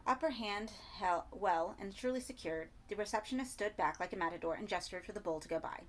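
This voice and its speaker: A woman narrating a horror story in a measured reading voice, sometimes dropping to soft asides. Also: medium pitch. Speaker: audiobook reader.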